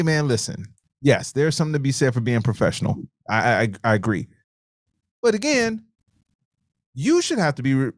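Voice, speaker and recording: A man's voice: fairly high pitch, dry recording. Guy on a livestream telling a story all fired up, cussing, dry close mic. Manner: animated storytelling, swears freely. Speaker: livestream co-host. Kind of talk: casual chat reading viewer comments.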